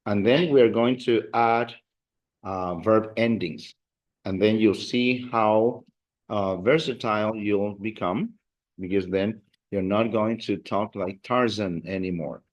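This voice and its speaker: The audio is dull, and the Spanish teacher's voice sits on the low side. He teaches verb endings slowly and patiently, drilling his class through call-and-response.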